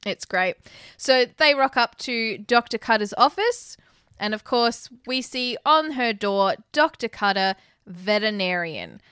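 Woman, chatty podcast co-host, bright clear voice, dry close mic. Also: on the high side, lively intonation, no echo. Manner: chatty, jumps in with quick reactions. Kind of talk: casual film recap chat.

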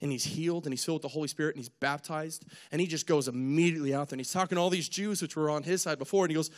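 A young man preaching in a casual, lively way, retelling a story and acting out its people with jokes at his own expense. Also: a little high, racing. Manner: animated storyteller, acts out characters, jokes at himself.

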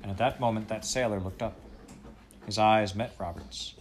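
A man narrating a children's story aloud in a measured storytelling manner. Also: fairly low pitch, steady tone, a little hiss or hum. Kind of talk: audiobook reading.

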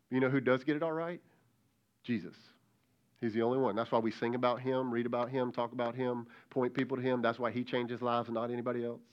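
Male pastor, middle-aged, direct conversational preaching, mid-pitched voice, slightly dull recording. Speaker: lead pastor. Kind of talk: sermon.

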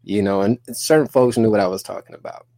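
A man in his thirties telling a story on a podcast, animated and profane, acting out both sides of an argument in quoted dialogue. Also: fairly low pitch, fast talker. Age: 30s. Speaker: podcast guest.

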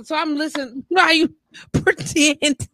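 Woman, high voice, bright, dry recording, casual storytelling chat, laughs often. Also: moderate pace, dry recording, poor audio. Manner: animated, laughs often, acts out quoted voices.

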